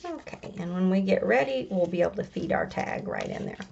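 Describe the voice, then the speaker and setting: A woman's voice: fairly low pitch, huge pitch swings, fairly quick, creaky, a little mellow, husky, lo-fi sound. A woman hosting a craft tutorial, chatting casually as she talks through each step.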